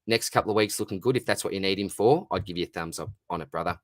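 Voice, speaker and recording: A relaxed Australian man talking casually on a live stream, answering viewer questions one after another and calling everyone mate. His voice sits low, recorded close on a dry microphone with no room sound. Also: fast, no echo. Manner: laid-back, calls everyone mate, reads out viewer names and questions. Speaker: fantasy football livestream host.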